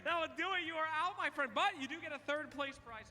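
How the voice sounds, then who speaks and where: A man's voice: extremely high pitch, quick pace, sharp tone. A man hosting a live trivia contest on stage, playful and teasing as he counts down answers. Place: large event hall. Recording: long arena reverb.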